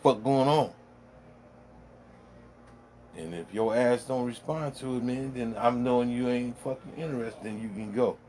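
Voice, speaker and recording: A man's voice: medium pitch, measured pace, pauses often, darkish tone, slight background noise. A middle-aged man rambling bluntly in a casual monologue, full of profanity, recorded at home in his man cave. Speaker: vlogger.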